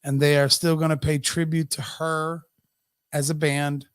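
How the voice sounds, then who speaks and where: A man's voice: a little high, little pitch movement, unhurried, smooth, dry recording, studio quality. Emotional, profane man ranting on a podcast. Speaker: podcast co-host. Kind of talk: casual live podcast chat.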